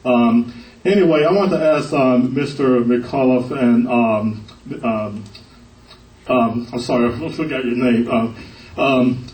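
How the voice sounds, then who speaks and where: A man in the audience asks the panel a question, hesitant and apologetic, filling every pause with um. His middle-pitched voice is picked up from far off in an echoey hall. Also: a little mellow. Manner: hesitant, constant ums, apologetic. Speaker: audience member asking a question. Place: convention hall. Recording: echoey hall, distant mic.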